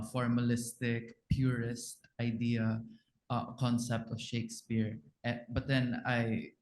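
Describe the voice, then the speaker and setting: A man's voice: medium pitch, a little mellow. A man from the audience asking a question at a floor microphone in an auditorium, hesitant with many fillers. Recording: echoey auditorium sound.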